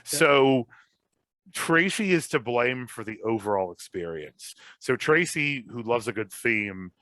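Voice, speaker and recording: Bright-voiced man hosting a podcast, rambling. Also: mid-range voice, a little slow, no echo. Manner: rambling, self-deprecating, animated. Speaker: podcast host. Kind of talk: casual podcast chat.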